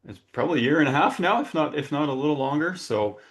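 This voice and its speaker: A man's voice: fairly high pitch, lively intonation, fast talker. A man hosting a webinar on a video call, chatty and full of fillers and restarts. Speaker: webinar host. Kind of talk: casual webinar introduction.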